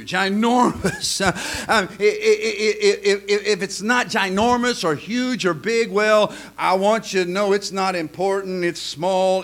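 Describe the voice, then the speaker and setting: A man preaching in a folksy, joke-telling sermon style, stammering and repeating himself, swinging from quiet asides to loud punchlines. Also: high voice. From lives in Oklahoma.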